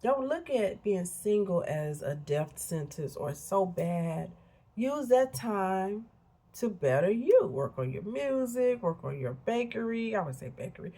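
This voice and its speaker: A woman's voice: mid-range voice, sing-song, measured pace, mellow. A middle-aged woman giving earnest, preachy motivational talk straight to her viewers. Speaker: motivational vlogger. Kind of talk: casual motivational talk to camera.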